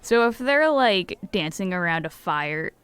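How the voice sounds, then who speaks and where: A woman's voice: fairly low pitch, lively intonation, measured pace, fairly bright tone, clear, resonant tone. A woman playing a tabletop role-playing game, playful and casual, saying "like" often. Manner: playful, says "like" a lot. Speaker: player.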